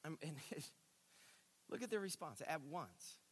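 High-voiced, emphatic preaching man. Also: very animated, slow pace, breathy edge. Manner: emphatic preaching, swinging between loud bursts and hushed asides. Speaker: pastor. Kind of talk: sermon. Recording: reverberant hall.

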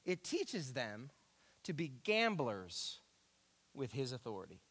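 A man preaching a sermon as pastor, emphatic and animated, repeating key phrases. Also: medium pitch, slow. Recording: echoey hall.

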